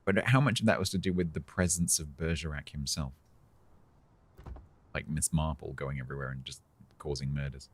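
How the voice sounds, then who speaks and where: A man's voice: very deep voice, normal speed, long pauses, breathy edge. A British man streaming a naval game, chatting casually with viewers in a dry, sarcastic way. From Britain. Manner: dry, sarcastic banter with chat. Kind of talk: casual live-stream chat.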